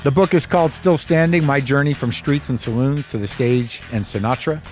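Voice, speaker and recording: A man's voice: mid-range voice, normal speed, a little mellow, soft background music. A man hosting a podcast who talks in a candid, rambling way and swears casually. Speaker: podcast host. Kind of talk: casual monologue.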